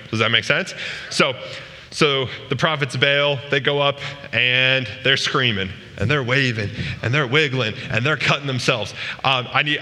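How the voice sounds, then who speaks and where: A man's voice: mid-range voice, bright, forceful tone, long reverb tail. A man giving a casual, joking sermon to a youth group. He often asks the room questions. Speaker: youth pastor. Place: large room with a live audience.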